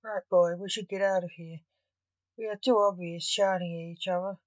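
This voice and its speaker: A woman's voice: fairly low pitch, steady tone, moderate pace, no echo, dull audio, natural voice. A woman voicing a bossy, glum young male sorcerer in a storybook reading.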